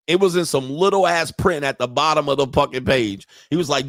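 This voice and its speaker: A man's voice: mid-range voice, a little slow, long pauses, dry recording, studio quality. A man hosting a casual commentary stream, telling profane stories and acting out the people he quotes. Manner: animated storytelling, profane, acts out quotes. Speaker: host.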